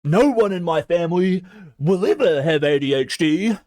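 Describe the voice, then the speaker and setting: A man doing a blustering, bigoted father yelling in denial. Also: high-pitched, expressive, normal speed, no echo, studio quality, pitched above the performer's own voice. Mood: indignant. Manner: loud, indignant ranting.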